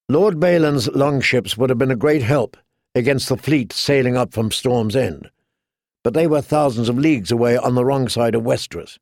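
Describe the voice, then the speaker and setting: In clean studio audio with no echo, a man of medium pitch narrates an audiobook. His scripted storytelling is measured and even.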